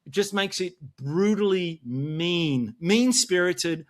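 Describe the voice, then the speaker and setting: A man's voice: sits high, expressive, takes it slowly. An Australian man talking in a casual podcast discussion, passionate and worked up, often restarting his sentences. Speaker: podcast panelist.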